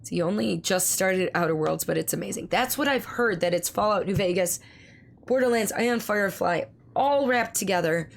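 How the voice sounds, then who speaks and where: A woman streamer with a hoarse, gravelly voice worn down by laryngitis. She chats casually with her viewers and reads their messages aloud, keeping her pace slow and careful. Faint noise sits behind her. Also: mid-range voice. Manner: speaks slowly and carefully to spare her voice. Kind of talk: casual live-stream chat.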